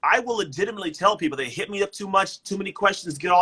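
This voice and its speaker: Energetic motivational guy, quick talker, bit husky, keeps restarting words. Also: high voice, poor audio. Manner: energetic, emphatic, repeats words. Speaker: motivational speaker and coach. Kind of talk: casual motivational talk. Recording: livestream guest.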